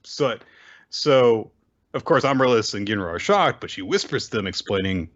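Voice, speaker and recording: A man's voice: fairly low pitch, moderate pace. Man doing a lo-fi casual recap. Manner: animated, acts out character lines. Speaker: podcast co-host. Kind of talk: casual manga chapter recap. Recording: dull lo-fi audio.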